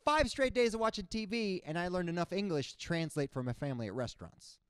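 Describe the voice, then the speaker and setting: A young man from Cuba works through a stand-up set with a smooth, clear voice held close to the mic in a dry sound. His everyday pitch sits a little high, and he keeps breaking into animated, squeaky character voices. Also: fast, no room sound. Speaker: stand-up comedian. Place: comedy stage before a live audience.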